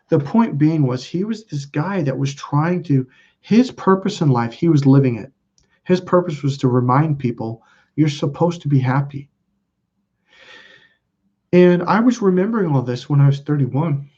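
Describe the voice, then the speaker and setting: A man's voice: fairly high pitch, expressive, moderate pace, mellow, lo-fi sound. A man telling a personal story as a self-help video host, rambling and cutting himself off mid-sentence. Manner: rambling, self-interrupting, casual with profanity.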